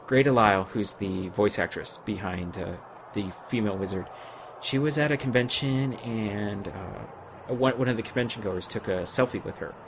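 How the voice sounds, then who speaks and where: A man's voice: on the low side, normal speed, vocal fry, a little hiss or hum. A man co-hosting a casual gaming podcast, rambling and chatty, his voice wearing out. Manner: rambling, chatty, laughs often. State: losing his voice. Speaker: podcast co-host.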